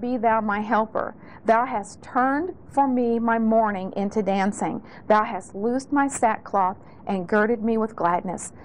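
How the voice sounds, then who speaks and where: A woman's voice: medium pitch, a little hiss or hum, poor audio. A middle-aged woman giving an earnest, heartfelt spoken testimony in a sermon, often restarting her phrases. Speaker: speaker sharing testimony.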